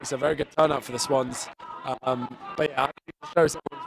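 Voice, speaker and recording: A man co-commentating at a football match while getting over a cold, speaking hesitantly with many pauses and restarts. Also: mid-range voice, steady tone, crowd noise. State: recovering from a cold. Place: outdoor football stadium. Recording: clear outdoor ambient noise.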